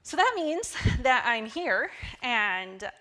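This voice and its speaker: A woman in her twenties giving a personal testimony at a church service, telling her story in a lively way. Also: fairly high pitch, slow pace. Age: 20s. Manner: lively storytelling, acting out quoted dialogue. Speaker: church guest speaker.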